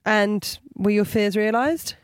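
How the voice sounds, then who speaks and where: A woman from England co-hosting a podcast, dropping dry, deadpan quips. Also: mid-range voice, slow pace, clear, resonant tone, no room sound. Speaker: podcast co-host. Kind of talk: casual comedic chat.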